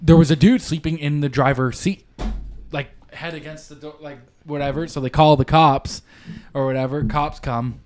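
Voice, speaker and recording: A man's voice: fairly high pitch, steady tone, moderate pace, a little mellow. A young man chatting casually on a podcast, telling a rambling, profane story and acting out the people in it. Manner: rambling, swears often, acts out quotes. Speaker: podcast co-host.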